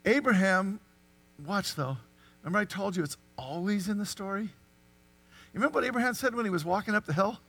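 A man preaching a sermon, animated and full of rhetorical questions to the congregation. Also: sits high, a little fast, vocal fry. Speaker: pastor.

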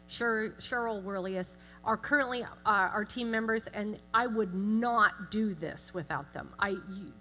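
Chatty woman with bright tone in echoing hall. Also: medium pitch. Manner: self-deprecating, chatty, animated asides. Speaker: guest speaker. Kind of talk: church talk with humor. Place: church sanctuary. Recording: long hall reverb with music.

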